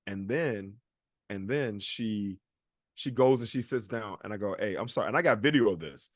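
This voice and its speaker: A man's voice: lowish voice, expressive, moderate pace, no echo, clean studio sound. A man co-hosting a podcast, telling a long story in a casual chat and acting out the people he quotes. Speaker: podcast co-host.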